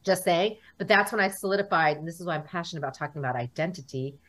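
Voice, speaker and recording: A fairly low-pitched woman talks in rapid-fire fashion as a guest in a casual interview. She's American, in her 40s, and tells stories energetically, performing other people's words.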